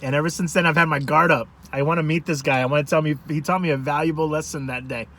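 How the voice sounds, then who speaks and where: A man's voice: on the high side, quick pace, few pauses, a little hiss or hum. Rambling man telling a story in a car. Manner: rambling, animated, self-interrupting. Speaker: food vlogger. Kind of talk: casual storytelling to camera.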